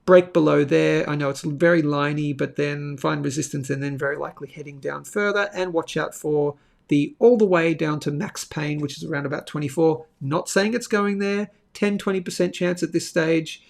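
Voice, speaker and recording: A man's voice: fairly high pitch, normal speed, gravelly. A man hosting a live market show, talking through charts casually, thinking aloud, with sudden bursts and asides.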